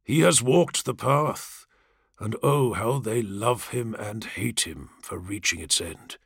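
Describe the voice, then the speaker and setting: A man doing a low, soothing warrior-priest. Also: slow pace, creaky, husky, no room sound, clean studio sound, exaggerated voice. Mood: solemn. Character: calm, soothing male warrior-priest, grave and earnest.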